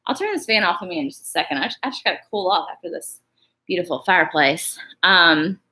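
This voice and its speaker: A woman's voice: fairly low pitch, lively intonation, brisk, sharp tone. A woman, chatting casually and rambling on a live stream, reading viewer comments aloud and calling them y'all.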